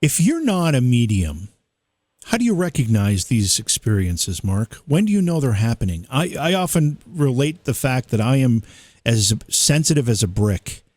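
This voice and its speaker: A man's voice: medium pitch, big pitch swings, moderate pace, darkish tone, dry recording. A man hosting a podcast, asking a guest questions in a casual interview. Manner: reactive, asks thoughtful questions. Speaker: podcast host.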